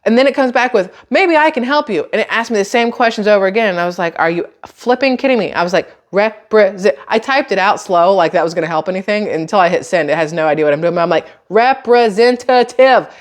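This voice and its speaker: A woman's voice: lowish voice, rapid-fire, few pauses. A woman telling a story to her viewers in a casual, exasperated, sarcastic tone, swearing now and then. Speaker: YouTuber.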